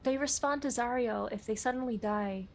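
A woman playing a tabletop game, chatty and quick to object. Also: fairly high pitch, a little hiss or hum. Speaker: player. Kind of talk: casual tabletop game chat.

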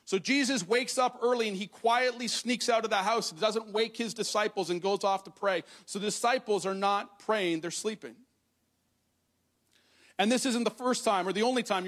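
High-voiced preacher addressing a congregation. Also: male voice, a bit bright. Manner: reads scripture aloud then explains it conversationally. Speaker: pastor. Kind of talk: sermon. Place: church hall with congregation.

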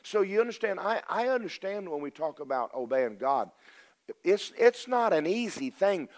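An older preacher with a drawl gives a homespun sermon from the pulpit, his voice high-pitched, very animated and moderately paced. He tells his story plainly in a folksy way, dropping from ringing emphasis to near-whispered asides.

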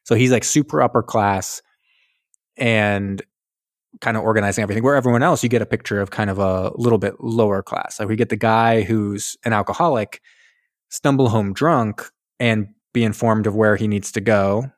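A man's voice: lowish voice, fairly even intonation, normal speed, dry recording, studio quality. Rambling young man recapping a movie. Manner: rambling, acts out characters in voices. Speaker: podcast co-host. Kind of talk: casual movie recap chat.

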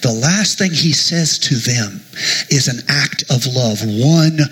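A middle-aged man preaching a sermon in a church, animated and joking, with sudden hushed asides to the congregation. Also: mid-range voice, slow, slightly rough, low-quality recording. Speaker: pastor.

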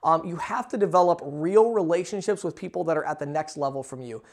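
A man's voice: a little high, a little fast. A man hosting a podcast and giving business advice in a casual monologue. He talks bluntly and persuasively, with frequent fillers, and mocks listeners' excuses in quoted asides.

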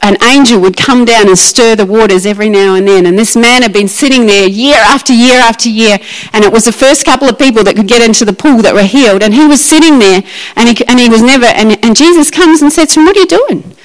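Lively woman preaching. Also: fairly high pitch, fast talker, low-quality recording. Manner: lively, emphatic, acts out Bible scenes. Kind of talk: sermon.

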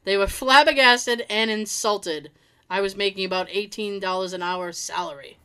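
A woman with a clean, fairly bright mid-range voice casually reads listeners' work stories aloud, at a moderate pace and with fairly even intonation. She laughs often and slips in quips between the stories.

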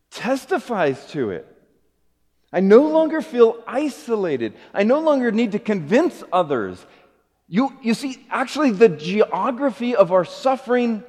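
A middle-aged man preaching a sermon as a pastor, earnest, rising to emphatic peaks and dropping to soft low phrases. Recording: long hall reverb.

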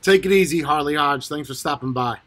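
A man's voice: fairly high pitch, a little fast, fairly bright tone. A man hosting a casual live stream, reading out and answering viewers' comments, often breaking into laughter and swearing casually. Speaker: livestream host reading chat.

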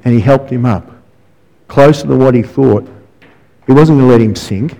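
A man's voice: mid-range voice, normal speed, vocal fry, warm tone, poor audio. A man preaching as a guest speaker and counsellor, telling stories with asides and rhetorical questions. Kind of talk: sermon.

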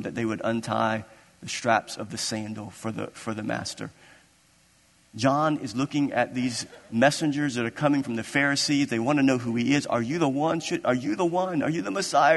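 A man's voice: mid-range voice, a bit bright, in a large hall. A man preaching a sermon as pastor, impassioned and building into emphatic, repeated declarations.

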